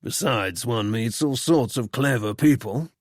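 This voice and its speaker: A man's voice: medium pitch, a little slow, no echo, studio quality, natural voice. A man reading an audiobook and voicing a young Englishman with a mild, earnest manner.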